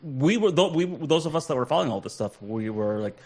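A man's voice: fairly high pitch, expressive, fast talker, darkish tone. A man co-hosting a casual talk show, rambling with many fillers while reacting to a clip. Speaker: podcast co-host.

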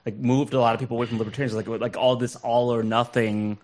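A man's voice: medium pitch, level tone, fast, a little mellow. A man co-hosting a casual talk show, rambling with many fillers while reacting to a clip. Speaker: podcast co-host.

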